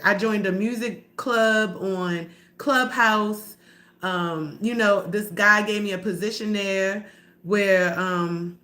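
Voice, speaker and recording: Woman live streamer, confrontational and profane, bright tense voice, storytelling to chat. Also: mid-range voice, slow pace. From Baltimore area. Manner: blunt, profane, addressing viewers as y'all; heated and confrontational.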